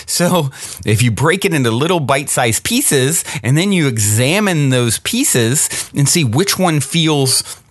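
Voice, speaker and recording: A man's voice: fairly high pitch, expressive, unhurried, no echo. A man hosting a reflective solo podcast, talking earnestly and encouragingly and putting rhetorical questions to his listeners. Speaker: podcast host.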